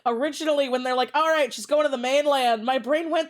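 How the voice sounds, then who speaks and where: A woman hosting a casual stream chat, with a high voice. She acts out her own reactions as she tells stories and swears freely. She breaks into laughter often. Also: a little fast. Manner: animated storytelling, acting out her own reactions. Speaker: streamer host. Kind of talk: casual chat over a voice call.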